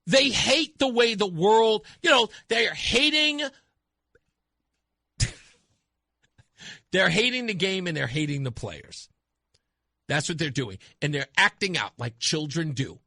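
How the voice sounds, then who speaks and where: Talk radio guy ranting, high lively voice, bright and sharp, dry close mic. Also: slow pace, long pauses, dry recording. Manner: animated, mocking, acts out voices. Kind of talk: opinionated talk radio monologue.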